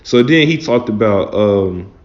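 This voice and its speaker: Low-voiced man rambling in a roomy room. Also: animated, a little slow. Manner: loose, rambling, fond of "man" and "like". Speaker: wrestling fan host. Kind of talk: casual commentary. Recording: roomy, dull lo-fi sound.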